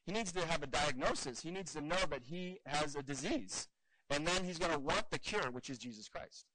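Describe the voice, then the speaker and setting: A man teaching evangelism in an earnest, animated way, telling stories and acting out the dialogue. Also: a little high, brisk, no echo, low-quality recording. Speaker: evangelism trainer.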